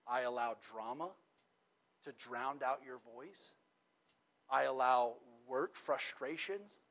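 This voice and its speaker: Speaking at an unhurried pace and medium pitch, this middle-aged pastor preaches in a chatty style, peppering his sermon with "okay?" and "right?". He alternates forceful, loud sections with hushed, personal moments.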